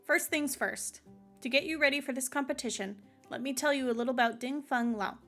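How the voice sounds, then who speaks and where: A woman's voice: high-pitched, brisk, soft background music. A woman reading a stern proud head chef.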